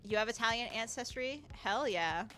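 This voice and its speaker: A woman's voice: fairly high pitch, animated, moderate pace, pushed and bright. A young woman streaming a game, reading its text aloud with chatty, giggly commentary and casual swearing. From United States.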